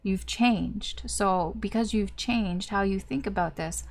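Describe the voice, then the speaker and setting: A woman's voice: medium pitch, slow. A young woman giving a casual tarot reading, chatty and full of fillers, acting out little reactions as she goes. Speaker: tarot reader.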